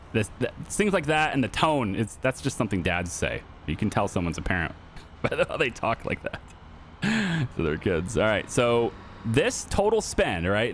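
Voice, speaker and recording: A man's voice: medium pitch, fairly bright tone, a little hiss or hum. A middle-aged man giving casual, chatty commentary over a car dealing game, repeating his points and laughing easily. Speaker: gaming YouTuber.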